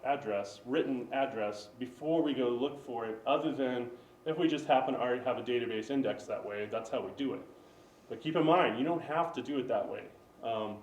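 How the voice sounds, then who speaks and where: A man's voice: mid-range voice, slight background noise. American man explaining tech in an echoey room. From United States. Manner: conversational, explains with many ums and asides. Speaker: presenter at a tech meetup. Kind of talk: casual technical talk. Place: meeting room, live-streamed. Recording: roomy and distant with faint room ambience.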